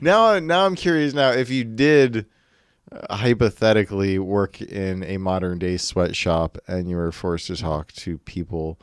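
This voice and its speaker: A man chatting on a podcast with a dry, teasing manner. His voice is low and smooth. The room sounds dead and close. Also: steady tone, unhurried, no room sound. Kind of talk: casual chat.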